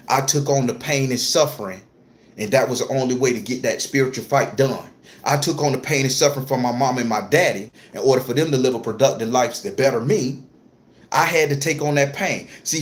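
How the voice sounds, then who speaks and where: A man telling a personal story to camera in a casual, profane way, repeating phrases for emphasis. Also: medium pitch. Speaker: spiritual content creator.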